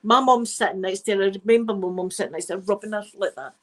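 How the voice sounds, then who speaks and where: A woman's voice: mid-range voice, fast, rough recording. A middle-aged Scottish woman spins a rambling, digressive yarn for her live stream. She talks frankly and swears without a second thought. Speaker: channel host. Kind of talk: casual storytelling on a live stream.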